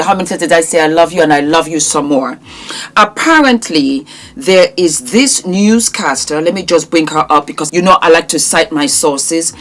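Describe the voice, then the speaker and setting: A woman's voice: low-pitched, normal speed. A woman host chatting to her viewers in an effusive, doting way, calling them her darlings. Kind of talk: casual chat to viewers.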